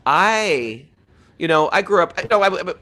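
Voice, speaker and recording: A middle-aged man talking in a casual, animated way about spiritual life, laughing often as he tells stories. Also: high voice, normal speed. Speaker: podcast host.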